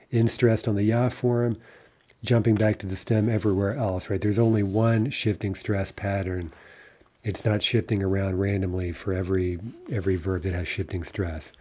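A man's voice: on the low side, steady tone, moderate pace, mellow. A man teaching a recorded language lesson over slides, explaining step by step and often checking with "right?". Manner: explanatory, frequent "right?" tag questions.

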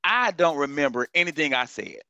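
A middle-aged man, a comedian, tells a story with a bright, forward tone. He talks in an animated, slangy way and acts out the other voices. The sound is dry and close. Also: fairly high pitch, a little fast, no room sound. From North Carolina. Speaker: comedian guest. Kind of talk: storytelling in a casual interview.

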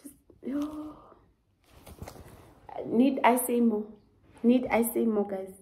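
A woman's voice: on the high side, fairly even intonation, measured pace, warm tone, poor audio. A South African woman vlogger chatting through a clothing try-on haul, dramatic and gushing, often laughing. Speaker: fashion vlogger. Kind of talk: casual try-on haul chat.

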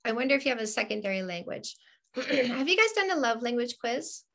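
A woman from Canada, a dating coach hosting an interview, speaking in a measured, affirming way. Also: a little high, sing-song, gravelly, a bit bright. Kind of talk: interview chat.

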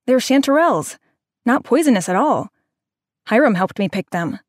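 A woman's voice: on the high side, animated, moderate pace, no echo, clean studio sound, voice pushed up, natural voice. A woman reading an audiobook voices an earnest, eager young boy who defends himself. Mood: insistent. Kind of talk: audiobook narration.

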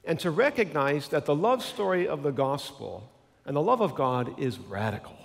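A male pastor preaching a sermon in a warm-hearted, conversational storytelling way, earnest as he builds his point. His voice sits on the high side for a man. Long reverb from the church sanctuary trails every phrase. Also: sing-song, normal speed, creaky.

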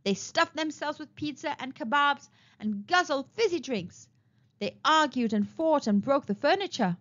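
A woman narrating a children's picture book aloud with expressive storytelling, on a dull lo-fi recording. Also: sits high, normal speed. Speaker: storytime reader.

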